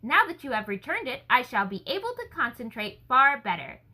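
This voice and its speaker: A woman voicing an earnest, enthusiastic gentleman scholar in a story reading, speaking effusively. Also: high voice, very animated, a little fast, full character voice, poor audio. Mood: eager.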